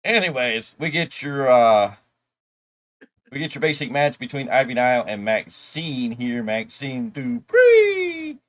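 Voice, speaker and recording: A man's voice: mid-range voice, measured pace, fairly bright tone. A man co-hosting a wrestling review show, recapping the episode in a rambling, casual way with loose asides.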